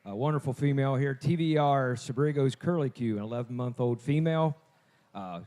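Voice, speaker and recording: A man's voice: mid-range voice, warm tone. A man announcing lots at a livestock sale, talking casually and often restarting his sentences. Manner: halting, repeats words. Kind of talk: casual explanatory talk.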